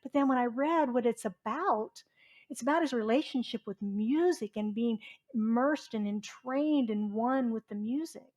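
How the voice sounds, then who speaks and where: Speaking at a moderate pace, this woman has a slightly high, somewhat mellow voice. She's a middle-aged reverend from Southwest Virginia, preaching in a friendly, chatty way from a church sanctuary and asking her congregation questions.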